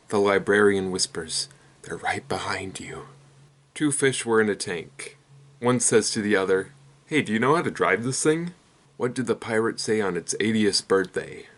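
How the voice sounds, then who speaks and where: A young man hosting his own channel, telling a rapid string of one-liners in a deadpan way. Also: on the low side. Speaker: comedy channel host. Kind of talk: rapid-fire joke telling.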